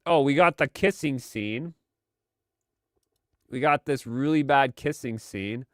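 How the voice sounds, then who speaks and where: Slow, exasperated male streamer. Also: mid-range voice, dry recording, studio quality. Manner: sarcastic, exasperated. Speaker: streamer host. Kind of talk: live commentary stream.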